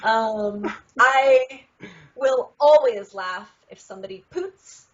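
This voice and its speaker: A woman's voice: on the high side, takes it slowly. A young woman guest in a casual interview, giggly and self-deprecating, laughing easily while telling stories. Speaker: guest, actress and performer. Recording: dull lo-fi sound.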